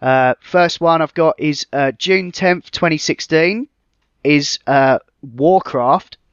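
A man co-hosting a casual film podcast, relaxed and hesitant, often pausing with uh and um. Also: a little high, clear, resonant tone, no echo, lo-fi sound. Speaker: podcast co-host.

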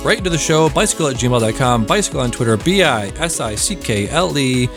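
A man hosting a casual podcast, excitable and rambling, laughing often and filling gaps with ums. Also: mid-range voice, fairly quick, music in the background. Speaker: podcast host.

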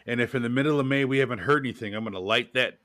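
A man co-hosting a podcast, chatting casually with an animated, joking delivery and frequent laughs. His voice sits at a middle pitch, recorded close and dry with no room sound. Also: very fast, no room sound. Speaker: podcast co-host. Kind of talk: casual chat.

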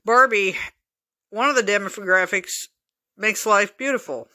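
A woman's voice: fairly low pitch, normal speed, a bit bright. Blunt, profane woman podcaster. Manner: blunt, profane, opinionated, chuckling asides. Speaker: podcast host. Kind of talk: casual solo podcast monologue.

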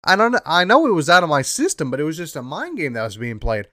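A young man hosting a podcast, telling a story in a rambling, profane way, repeating himself and bursting into loud rants. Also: fairly high pitch, big pitch swings, fast, no echo, clean studio sound. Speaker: podcast host. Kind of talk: casual storytelling monologue.

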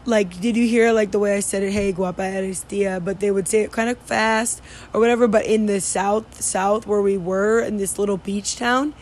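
A woman's voice: mid-range voice, fairly even intonation, normal speed, few pauses, a little mellow. A young woman casually telling a story, rambling with many fillers and restarts. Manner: rambling, many fillers and restarts, mimics Spanish street calls. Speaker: vlogger recounting study abroad.

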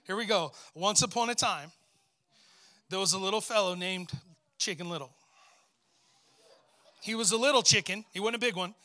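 A middle-aged male pastor preaching a lively sermon, telling a story and calling out to his congregation. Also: sits high, moderate pace, pauses often.

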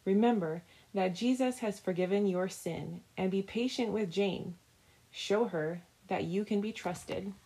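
A woman guest reading the mother's lines of a children's devotional story aloud, in a gentle, steady way. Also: mid-range voice, unhurried, rough recording. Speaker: guest reader.

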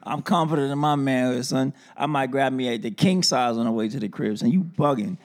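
A man in his forties chatting casually as a podcast host, animated and incredulous, full of street slang. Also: mid-range voice, fairly quick. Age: 40s. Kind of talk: casual chat.

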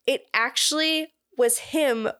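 A woman's voice: high voice, takes it slowly, fairly bright tone, no room sound, clean studio sound. Chatty young woman recapping a film. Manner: chatty, laughs often, recaps plot with asides. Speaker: podcast co-host. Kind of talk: casual chat recapping a film.

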